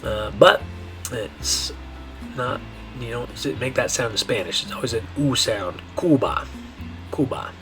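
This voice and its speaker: A man giving a Spanish pronunciation lesson, repeating each word slowly and checking in with the learner. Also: mid-range voice, music in the background. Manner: slow, repetitive modeling of words with frequent checks. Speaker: Spanish teacher.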